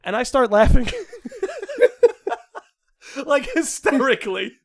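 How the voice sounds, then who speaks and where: A young man with a notably high voice hosts a casual podcast. He spins a story with animated, expressive energy. The sound is dry and close. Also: takes it slowly, vocal fry, no room sound. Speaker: podcast host.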